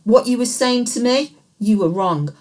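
A woman's voice: a little high, animated, normal speed, darkish tone, pitched above the performer's own voice. A woman reading the part of a shaken, defiant young man in an audiobook, raising her voice and pressing her point. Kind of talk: audiobook dialogue.

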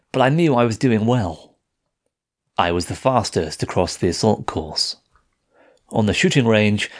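A man narrating a first-person audiobook in a measured, steady reading voice. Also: on the low side.

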